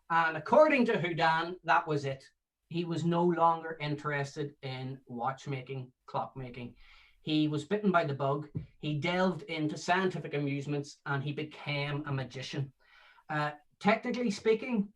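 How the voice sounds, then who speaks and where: A man's voice: a little high, fairly bright tone, far from the mic. A man giving a casual lecture on magic history, chatty with many filler sounds and playful asides.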